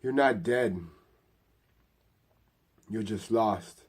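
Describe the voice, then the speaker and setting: A man voicing a calm, mysterious inner voice that speaks slowly and soothingly. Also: on the low side. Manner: slow soothing chanting.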